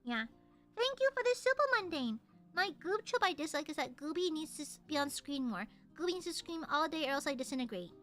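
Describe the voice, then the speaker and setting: A woman's voice: high-pitched, very animated, a little fast, fairly bright tone, faint music behind. A woman streamer chatting casually with viewers, giggly and playful with lots of fillers.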